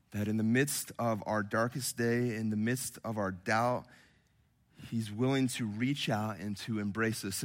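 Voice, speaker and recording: A man in his thirties preaching a sermon to a congregation, swinging from quiet and intimate to loud and impassioned. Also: mid-range voice. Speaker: pastor. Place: church hall with congregation.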